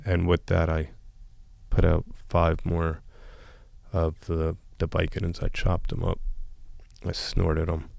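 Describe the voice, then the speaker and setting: Low, gravelly and a little mellow, a man's completely flat voice moves slowly with long pauses as he bluntly, emotionally recounts a raw story in a podcast interview. He restarts often and quotes dialogue; there's no echo.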